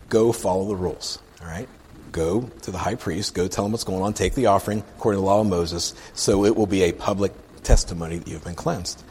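A man's voice: lowish voice, animated, fairly quick, a little mellow, husky, long reverb tail. A man reading scripture aloud and explaining it in a casual, conversational teaching style, checking in with listeners as he goes. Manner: conversational, asks "right?" often, reads scripture aloud then comments. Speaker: preacher.

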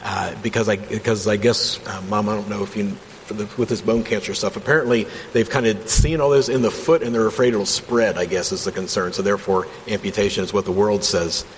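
An enthusiastic man with a fairly low voice leads a relaxed Bible study, reading aloud and then talking it through. He sounds conversational rather than preachy. A long reverb trails his words over a faint background hum. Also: a little fast. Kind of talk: casual Bible teaching.

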